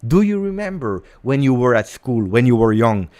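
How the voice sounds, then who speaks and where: A man in a medium register runs a livestream of football transfer news. His delivery is theatrical: he repeats words for effect, then swings from soft asides to loud bursts. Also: medium pitch, big pitch swings, normal speed. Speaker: football fan channel host.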